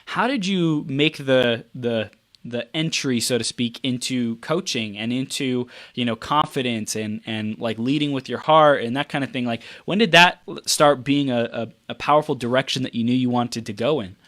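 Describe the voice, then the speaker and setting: A podcast host, a man, asking the guest a long, halting question full of fillers. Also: medium pitch, a bit bright. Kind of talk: interview questions.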